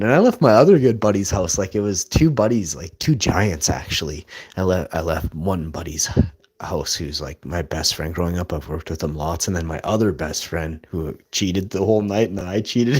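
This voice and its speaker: A man telling rambling, boastful stories as a live streamer, with bursts of loud laughter. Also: fairly low pitch, breathy edge. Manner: boastful, rambling, laughs loudly mid-story. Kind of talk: rambling storytelling.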